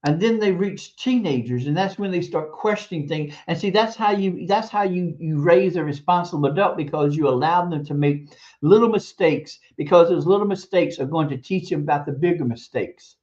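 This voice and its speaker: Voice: medium pitch, normal speed, a little mellow, lo-fi sound. A stream host who works as a teacher, giving a casual advice monologue about raising children, talking emphatically, repeating words for stress and chuckling between points.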